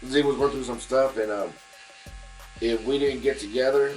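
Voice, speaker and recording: A man's voice: medium pitch, steady tone, moderate pace, darkish tone, faint music behind, poor audio. A man, a guest musician in casual chat in a barbershop, telling a long story with many fillers and restarts.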